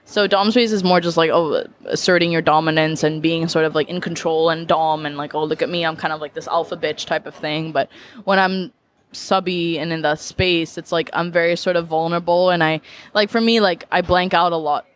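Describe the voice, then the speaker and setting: Young woman, podcast guest, casual chat, chatty, many filler words, quick to laugh. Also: lowish voice, fairly even intonation. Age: young adult. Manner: chatty, leans heavily on "like" fillers, laughs easily.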